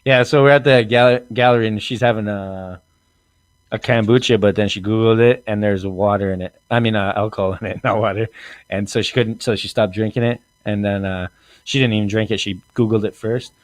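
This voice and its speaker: A man in his thirties hosting a comedy podcast, telling a story in an animated way, acting out quotes and laughing often. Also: on the low side, a little fast, no room sound. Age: 30s. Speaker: podcast host.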